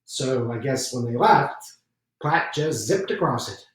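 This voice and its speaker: A man's voice: medium pitch, animated, a little slow, pitched below the performer's own voice, close to an everyday voice. An actor playing a young American newsman who speaks hesitantly and deferentially and keeps calling his superior "sir". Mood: eager. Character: eager American newsman, young man, scheming. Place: theater stage. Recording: echoey stage from far off.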